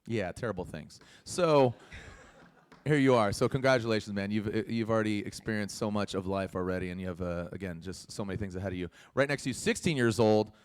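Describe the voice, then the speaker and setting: A man's voice: fairly low pitch, a little fast. A man hosting a live motorsport press conference, joking and teasing the young drivers with lots of laughs. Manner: teasing, playful, laughs often.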